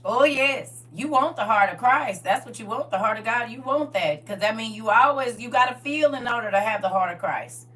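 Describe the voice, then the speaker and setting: Bright-voiced woman preaching from afar. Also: on the high side, normal speed, hardly any pauses. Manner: conversational, call-and-response with congregation. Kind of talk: sermon. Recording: voice from far off the mic.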